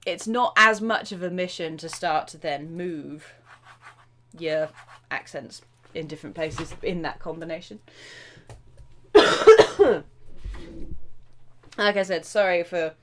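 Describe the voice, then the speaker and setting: A woman drum teacher with a lowish voice hosts a live question-and-answer stream. She's chatty and excitable, full of fillers and interrupting herself often.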